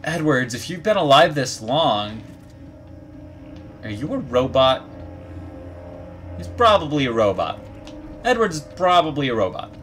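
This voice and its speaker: Animated man talking back to a game. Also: fairly high pitch, moderate pace, soft background music. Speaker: gaming YouTuber. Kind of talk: gameplay commentary.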